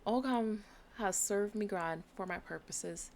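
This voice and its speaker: A woman voicing a blunt, dry male mystic in a video game, with a put-on Irish accent and a gravelly edge. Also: sits high, measured pace, a little hiss or hum.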